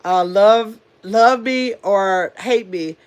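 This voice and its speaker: A woman's voice: medium pitch, clean tone. Woman livestream host, casual, rambling, reads chat aloud into a phone. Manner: chatty, reads comments aloud and answers them, rambling with many fillers; says she talks fast.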